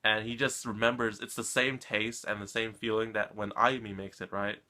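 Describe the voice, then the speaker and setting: A man's voice: fairly low pitch, level tone, moderate pace, bright, forceful tone. A man recapping an anime episode in a casual, rambling way, often tagging his sentences with a questioning "right?". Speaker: anime reaction vlogger.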